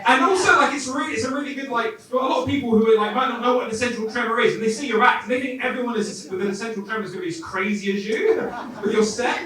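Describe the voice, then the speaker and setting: A man's voice: very high voice, very fast, bright, forceful tone. A man hosting a comedy night, giving casual, enthusiastic and sweary feedback to a comic on stage. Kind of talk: feedback to comics and announcing acts. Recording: echoey club room from far off.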